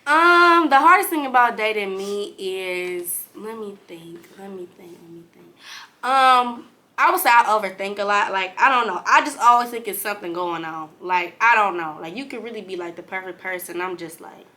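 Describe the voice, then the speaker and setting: Young woman, bright tone, casual chat, filler-heavy, host. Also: mid-range voice, moderate pace. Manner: chatty, trails off with "like" and "you know". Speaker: YouTube host asking questions. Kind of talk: casual girl talk.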